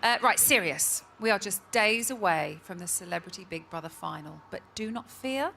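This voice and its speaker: A woman's voice: medium pitch, expressive, moderate pace, gravelly, bright, forceful tone. A woman hosting a live TV show, upbeat and playful as she presents. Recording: live studio with audience noise. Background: studio crowd.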